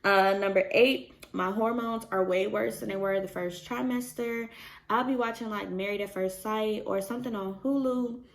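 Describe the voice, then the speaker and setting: A young pregnant woman talks casually to her viewers. She has a gravelly, creaky edge in a mid-range voice, and she strings her stories together with constant "like"s. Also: mid-range voice, steady tone, normal speed. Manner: chatty, storytelling with many "like" fillers and laughs. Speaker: vlogger. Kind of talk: casual chat.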